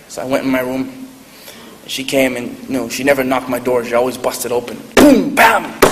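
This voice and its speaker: Earnest man preaching in an echoey hall. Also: medium pitch. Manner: earnest, storytelling, laughs at himself. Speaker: convert speaker. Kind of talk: sermon-style talk to a live audience. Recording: echoey hall, faint noise.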